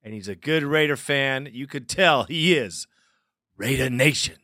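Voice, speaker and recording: A man hosting a sports fan call-in show, chatting casually in slangy, animated talk and laughing often. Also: medium pitch, measured pace, no echo, studio quality. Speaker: fan radio show host.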